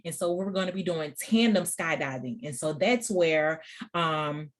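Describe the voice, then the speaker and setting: A woman's voice: sits low, a little slow. A woman in her thirties hosting a podcast, telling a personal story in a casual, chatty way, often laughing and talking straight to her listeners. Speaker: podcast host.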